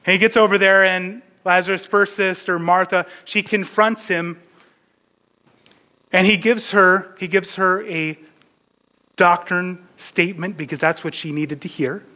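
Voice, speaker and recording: A man's voice: high-pitched, steady tone, a little slow, bright, forceful tone, poor audio. A man preaching a conversational sermon as pastor, dropping to a near whisper at tender moments.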